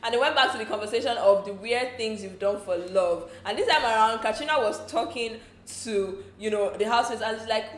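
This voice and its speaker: A woman's voice: fairly high pitch, fairly quick, few pauses, slight background noise. Gossipy Nigerian woman, echoey room. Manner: chatty, laughs often, slips into pidgin asides. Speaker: entertainment show recap host. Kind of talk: casual gossipy recap.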